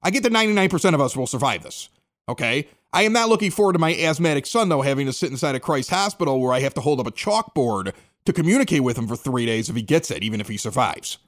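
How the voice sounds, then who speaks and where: A man's voice: medium pitch, expressive, fast talker. A middle-aged man with a Chicago accent, hosting a podcast and telling a story in casual chat, acting out the dialogue. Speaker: podcast host.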